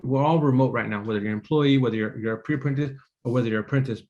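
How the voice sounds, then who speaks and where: Fast-talking man telling his story. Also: medium pitch, darkish tone, dull audio. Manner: casual, rambling, many fillers and restarts; earnest, emotional. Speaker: apprentice speaker at a business meeting. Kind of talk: personal story told to an audience.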